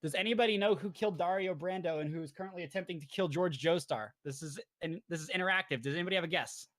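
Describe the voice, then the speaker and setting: A man's voice: sits high, a bit bright, no echo. Chatty young man recapping a show. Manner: rambling, jokey, acts out characters in quick asides. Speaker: podcast host presenting slides. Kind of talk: casual comedic recap.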